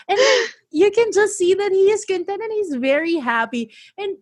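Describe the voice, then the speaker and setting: A high-voiced woman in her thirties chats as a podcast guest and tells animated stories. She laughs often and jumps into little acted-out quotes. The sound is close and dry. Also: measured pace, no echo. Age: 30s. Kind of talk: casual chat.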